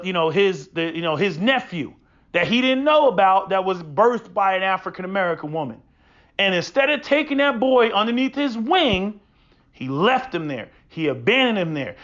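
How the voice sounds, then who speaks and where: A man with a high-pitched voice delivers a preachy, swear-filled monologue. He keeps tripping into stammered restarts before pushing on. The recording sounds dull and lo-fi. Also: fairly bright tone. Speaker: podcast host. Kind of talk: profane opinion monologue.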